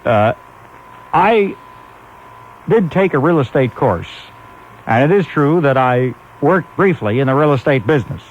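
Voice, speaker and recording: A man's voice: medium pitch, animated, measured pace, pauses often. A man from Brooklyn hosting a late-night call-in radio show, sardonic, wordy and testy with callers. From Brooklyn, New York. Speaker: radio talk show host. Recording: muffled AM radio broadcast with faint hiss.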